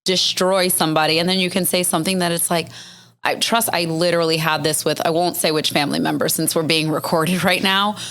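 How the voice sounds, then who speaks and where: A woman's voice: fairly low pitch, fairly even intonation, fairly quick, a bit bright. A woman guest on a podcast who talks about business support in an earnest, reflective way. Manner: reflective, earnest, speaks through ideas aloud with restarts. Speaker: guest, business networking organizer. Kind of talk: casual conversational interview.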